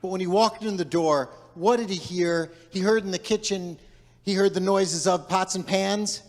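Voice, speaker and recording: A man's voice: high-pitched, moderate pace, soft background music. A man, a rabbi, telling a folk tale to his congregation in a playful way and leading them in making animal sounds. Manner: playful, directing audience participation. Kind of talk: storytelling to a congregation. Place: large synagogue sanctuary. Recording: long hall reverb.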